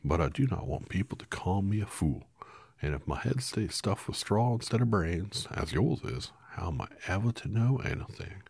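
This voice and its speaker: A man doing the husky, friendly Scarecrow. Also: low voice, animated, normal speed, darkish tone, no echo, pitched above the performer's own voice, exaggerated voice. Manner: cheerful, polite, naive. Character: friendly talking male scarecrow, simple and polite.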